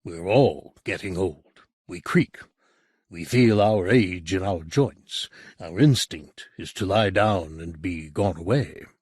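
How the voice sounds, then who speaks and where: A man voicing a persuasive, cultured older gentleman who speaks in a measured, grave way. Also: low voice, slightly rough, dry recording, clean studio sound, heavily acted. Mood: wistful.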